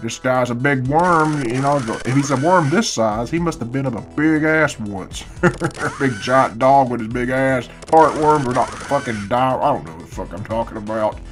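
A medium-pitched, expressive man speaks at normal speed with soft music behind him, doing casual let's-play commentary. He's half asleep early in the morning, cursing nonstop and grumbling at the game.

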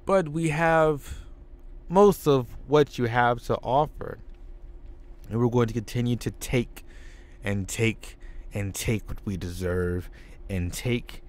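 A man voicing a menacing male wrestling villain who gloats in a slow, low, drawn-out delivery. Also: close to an everyday voice. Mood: gloating menace.

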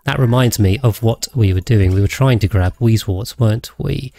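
A man's voice: lowish voice, moderate pace, gravelly, mellow. A man rambling casually as he streams a game, thinking aloud and thanking his viewers. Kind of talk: casual gameplay livestream chat.

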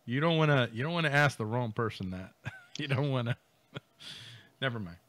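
A man's voice: medium pitch, expressive, normal speed, fairly bright tone. A man co-hosting a podcast, reading out a news story and riffing on it with jokes, laughter and mock voices. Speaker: podcast co-host. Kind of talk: comedic news commentary.

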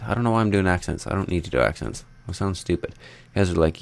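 A man's voice: low-pitched, expressive, fast, creaky, few pauses. A young man giving casual, rambling commentary over his own gameplay, chatting to viewers and joking about himself. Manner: rambling, self-deprecating, talks to viewers while building. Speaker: Minecraft let's play host.

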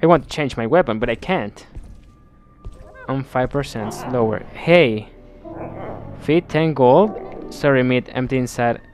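Speaking at a moderate pace with a medium-pitched voice, a male gameplay commentator narrates his let's play. His musings sound bemused, and he frequently begins sentences again. Soft music sits underneath.

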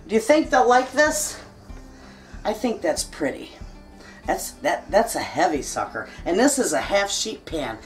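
A woman's voice: fairly low pitch, far from the mic. A middle-aged woman chatting in a folksy, friendly way with her viewers while she cooks in her home kitchen. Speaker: cooking vlogger. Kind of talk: casual kitchen chat while cooking.

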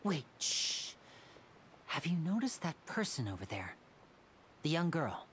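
A woman voicing a charming young male stage magician in a video game, smooth, teasing and gently persuasive. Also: low-pitched, very animated, a little slow, a little hiss or hum. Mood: hushed.

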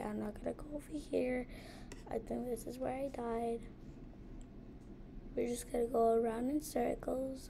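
A woman's voice: fairly high pitch, steady tone, a little slow, creaky, pauses often, background noise. A woman giving let's play commentary, jumpy and easily scared, gasping and muttering to herself as she plays. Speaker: gamer.

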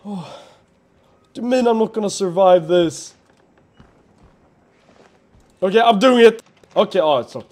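A man's voice: sits high, a little slow, pauses often, darkish tone. A man playing a horror game for a let's play, talking to himself in a jumpy, nervous way, swearing and laughing nervously.

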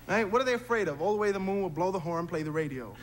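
A man performing a stand-up comedy routine on stage, telling punchy stories with quick tag lines. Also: high-pitched, lively intonation. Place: theater stage before a live audience. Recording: noisy 1970s TV stage recording with roaring crowd. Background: loud audience laughter.

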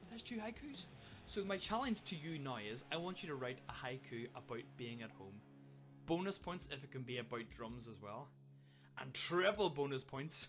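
A young man talks to kids as their drum teacher, upbeat and joking at his own expense. His voice sits at an ordinary middle pitch. Faint guitar music plays underneath. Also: a bit bright. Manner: jokey, upbeat, self-mocking. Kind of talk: casual video lesson for children.

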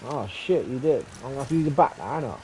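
A young man, streaming a game live and loudly teasing a teammate with plenty of swearing and mock outrage. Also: mid-range voice, animated, very fast, slight background noise. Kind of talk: live gaming stream banter.

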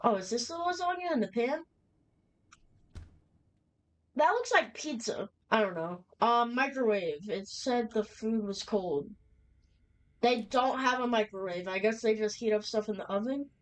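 A woman's voice: fairly high pitch, expressive, moderate pace, rough recording. A young woman casually commenting as she plays a horror game, chatty and nervous, reacting aloud with slang. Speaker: gamer playing a horror game. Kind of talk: casual let's-play commentary.

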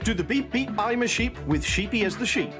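A woman reads viewer comments aloud between cartoon scenes. Her somewhat high voice swings up and down. Music plays clearly behind her. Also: fairly quick. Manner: animated, switches between many character voices. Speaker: animator voicing all characters. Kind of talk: reading comment requests and voicing cartoon skits.

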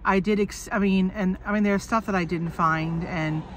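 A woman's voice: mid-range voice, fairly even intonation, moderate pace, a little hiss or hum. A woman vlogging from inside a car on her phone, chatting and joking while sick with a cough, swearing and laughing often. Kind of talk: casual chat to camera.

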